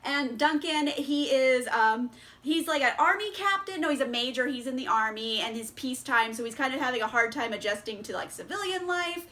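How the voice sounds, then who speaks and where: A woman's voice: sits high, lively intonation, a little fast, pushed and bright. A woman vlogger casually chatting through a book haul, bubbly and giggly, with lots of fillers.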